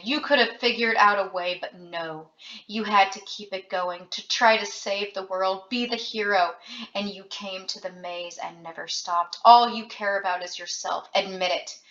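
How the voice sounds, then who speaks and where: Woman doing a raging young man, loud, bitter, bright voice, roomy lo-fi sound. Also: medium pitch, lightly acted. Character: young man, feverish friend turning violent. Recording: roomy, dull lo-fi home recording.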